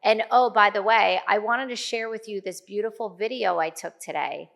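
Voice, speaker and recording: A middle-aged woman with a gravelly, fry-tinged voice tells a long personal story as a guest. Her delivery is chatty and loose, full of fillers, and she acts out the lines she and others said. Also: mid-range voice, moderate pace, fairly bright tone. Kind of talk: casual storytelling.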